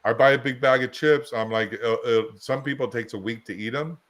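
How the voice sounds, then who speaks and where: A man's voice: mid-range voice, a little fast, fairly bright tone. A man co-hosting a podcast, rambling through casual anecdotes and examples in a chatty conversational way. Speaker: podcast co-host.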